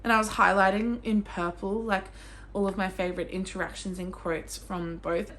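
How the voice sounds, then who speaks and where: A young woman with an Australian accent chats about books in a casual vlog. She gushes and gets excitable, breaking into squeals and the odd swear word. Her voice sits at a middling pitch, with faint noise in the room behind her. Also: moderate pace. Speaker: book vlogger. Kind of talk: casual chat.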